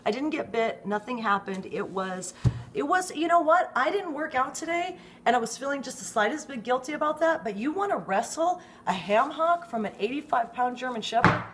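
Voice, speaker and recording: A middle-aged woman from the United States telling an exasperated, animated story in a casual vlog, swearing freely and often tagging her lines with "okay?". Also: high-pitched, moderate pace, a little hiss or hum. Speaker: vlogger, dog owner.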